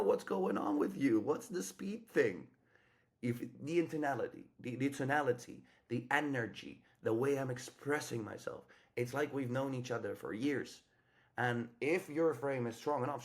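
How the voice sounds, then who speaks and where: A man talking through dating advice in a loose, unscripted coaching style. He is blunt and profane, and he slips into quick acted snippets of what to say. His voice sits at an ordinary middle pitch. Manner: blunt, profane, acts out example lines. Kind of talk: casual coaching monologue.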